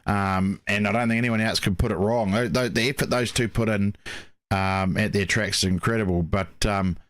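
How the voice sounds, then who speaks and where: A man's voice: on the low side, steady tone, normal speed, a bit bright, no echo, studio quality. A man co-hosting a racing show, telling long rambling stories full of "mate, you know". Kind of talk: casual chat.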